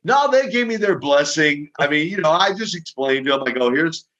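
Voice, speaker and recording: Older guy spinning stories, stumbles and repeats words, slightly high voice, dull lo-fi audio. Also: lively intonation, a little fast, fairly bright tone. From Minneapolis, US Midwest. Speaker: guest, retired pro wrestler. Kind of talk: casual storytelling interview.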